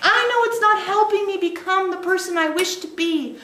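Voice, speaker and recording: A woman's voice: extremely high pitch, moderate pace, pushed and bright. A woman channeler giving an emphatic teaching to a small group, stressing points by repeating them. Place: meeting room with a group of listeners. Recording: roomy echo.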